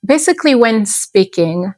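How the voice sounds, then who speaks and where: A woman in her thirties shares lifestyle tips in a relaxed, conversational way. She often circles back and restarts a phrase. The sound is close and dry, with no room echo. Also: fairly high pitch, moderate pace. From abroad, moved to the US at fifteen. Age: 30s. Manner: relaxed, chatty, restarts sentences. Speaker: lifestyle vlogger. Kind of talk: casual advice talk to camera.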